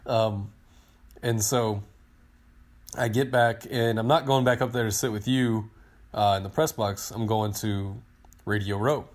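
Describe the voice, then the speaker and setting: A man in his thirties on a podcast, telling a long story in a casual, excited, rambling way and acting out what people said. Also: fairly low pitch. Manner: excited, rambling storyteller who acts out quotes. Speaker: podcast co-host, team digital director.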